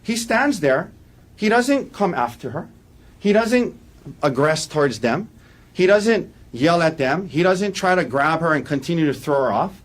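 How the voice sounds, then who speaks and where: A man giving a defense opening statement in a courtroom, walking the jury through events in an earnest, halting way with frequent restarts. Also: a little high, lively intonation. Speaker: defense attorney.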